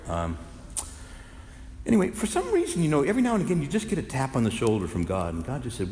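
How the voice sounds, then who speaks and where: A man who is a Catholic priest, preaching a sermon with lively storytelling that swings from hushed to loud. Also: mid-range voice, quick pace. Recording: echoey hall with faint noise.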